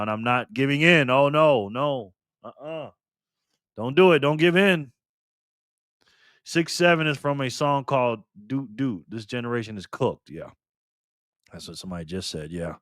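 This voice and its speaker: A man's voice: mid-range voice, a bit bright, no echo, clean studio sound. A man hosting a casual live stream, reading the chat aloud and talking back to viewers in an upbeat, chatty way. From Nevada.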